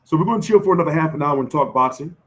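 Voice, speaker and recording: Man, live-stream host, hoarse, loose profane banter, slightly high voice. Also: lively intonation, racing. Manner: loose, profane, slangy banter answering chat. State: losing his voice. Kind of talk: casual live-stream chat.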